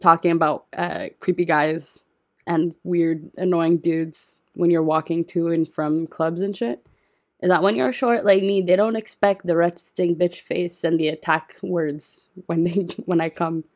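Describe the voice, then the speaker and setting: A young woman in casual chat, relaxed and often laughing while telling stories. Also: lowish voice, a little slow. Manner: laughing, relaxed storyteller, swears.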